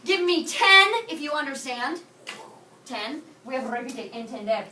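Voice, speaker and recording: A woman teaching Spanish to a high school class, energetic and playful, drilling students with call-and-response in a classroom. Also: unhurried, heavy background noise. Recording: echoey classroom, mic far off.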